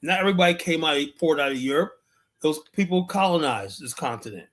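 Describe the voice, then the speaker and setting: A man holds forth in a streamed monologue. His voice sits a little high for a man, and he drives his points home through repetition and rhetorical questions. He trails off as he hunts for words, then pushes on. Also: expressive, a little fast, fairly bright tone. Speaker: political commentary streamer. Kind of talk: livestream monologue.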